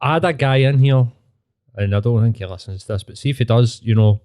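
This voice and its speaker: Glasgow guy hosting a podcast, mellow voice, swears a lot, takes the piss. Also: mid-range voice, brisk. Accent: Scottish (Glaswegian). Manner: sweary, mocking, ranting. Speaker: podcast host. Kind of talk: casual chat.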